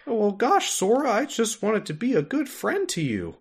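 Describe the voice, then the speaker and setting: A man's voice: wildly swooping pitch, moderate pace, vocal fry, slightly rough, full character voice. A man doing a meek little cricket. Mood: hurt. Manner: high, meek, pleading. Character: timid, kindly little cricket companion.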